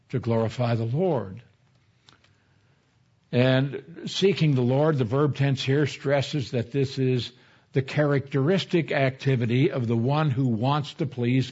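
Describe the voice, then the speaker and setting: A man's voice: mid-range voice, darkish tone, breathy edge, dull audio. A man preaching an expository sermon in a conversational teaching manner, mixing scripture explanation with personal anecdotes. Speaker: pastor.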